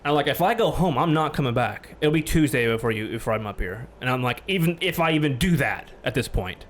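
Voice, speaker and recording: A man ranting on a casual podcast, telling a story, swearing freely and getting loud when angry. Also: mid-range voice, expressive, a little fast, a little hiss or hum. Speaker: podcast host.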